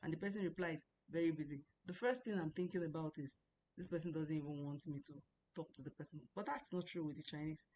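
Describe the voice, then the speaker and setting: A woman with a fairly low voice teaches a language class, stopping often to repeat words slowly and clearly. She explains patiently, as if to beginners. A faint low rumble sits under the recording. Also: a little mellow. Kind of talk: recorded online lesson.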